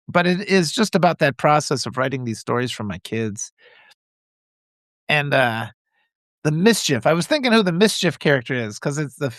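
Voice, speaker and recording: A man from Wisconsin rambles happily through a casual morning chat, his voice sitting a bit higher than most men's. The sound is close and dry, with no room around it. He doubles back, restarts, and chuckles as ideas pile up. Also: fairly bright tone, dry recording. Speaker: host.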